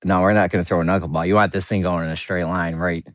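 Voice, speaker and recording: A man's voice: deep voice, steady tone, quick pace, no echo. A man bantering and arguing jokingly in a casual chat on a voice call.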